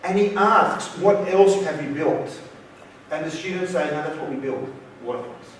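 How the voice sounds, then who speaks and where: Expressive and moderately paced, a slightly high-voiced Australian guest lecturer narrates a story and performs its dialogue for a university audience. He's distant from the mic in a very reverberant lecture hall, with a little hiss or hum.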